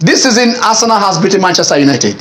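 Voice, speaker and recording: A man's voice: high voice, lively intonation, rapid-fire, a loud crowd. A man with a Nigerian accent hosting a studio sports talk show. He keeps restarting and cutting in on the others. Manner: talks over others, stammering restarts.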